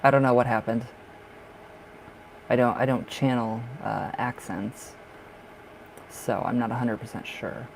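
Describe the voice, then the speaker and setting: A man's voice: medium pitch, steady tone, unhurried, vocal fry, pauses often, slight background noise, poor audio. A man from the northern United States giving live-stream tarot readings in a chatty way, laughing often and repeating himself. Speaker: tarot reader.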